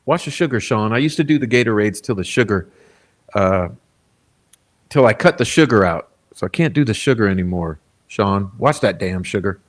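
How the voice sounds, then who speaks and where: A man's voice: on the low side, expressive, moderate pace. A man hosting a casual livestream, reading viewer comments aloud in a laid-back, rambling way, chuckling often. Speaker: livestream host.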